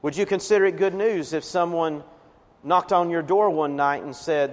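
A man's voice: fairly high pitch, moderate pace. A man preaching a sermon as a pastor, earnest, swelling with emphasis on key words. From Appalachian region of the US. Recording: reverberant hall.

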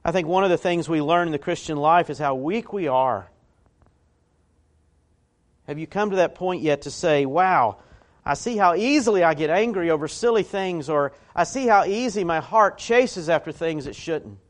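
Folksy preacher, slightly high voice. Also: male voice, animated, normal speed. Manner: folksy, conversational preaching with rising emphatic peaks. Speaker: pastor. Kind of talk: sermon.

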